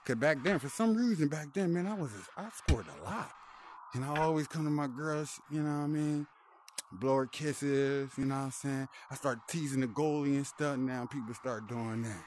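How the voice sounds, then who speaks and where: A man's voice: medium pitch, normal speed, a little mellow, slight background noise. A young man trash-talking casually while playing a VR hockey game, boastful and slangy, laughing often, on a headset mic. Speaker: VR hockey player.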